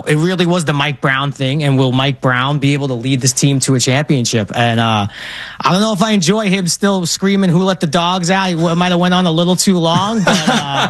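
Animated Brooklyn man, dry close sound. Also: fairly high pitch, dry recording. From Brooklyn, New York. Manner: animated storyteller, many fillers. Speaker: guest. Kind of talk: casual sports talk.

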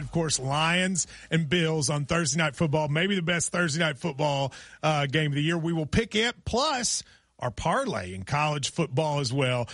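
Animated, bright-voiced male radio host. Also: on the high side, no room sound, clean studio sound. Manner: joking, animated, laughs often. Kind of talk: casual radio chat.

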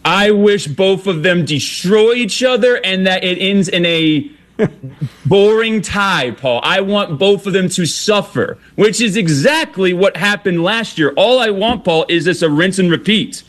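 A man's voice: high-pitched, lively intonation, measured pace, a bit bright. A man calling into a sports talk show, taunting a rival team and repeatedly addressing the host by name. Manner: taunting, keeps saying the host's name. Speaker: caller.

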